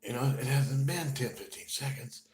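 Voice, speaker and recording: A man telling a personal story in a halting, conversational way, dropping to a murmur and then bursting out loud. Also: medium pitch, lively intonation. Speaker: storyteller recounting his own experience. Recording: roomy room with faint noise.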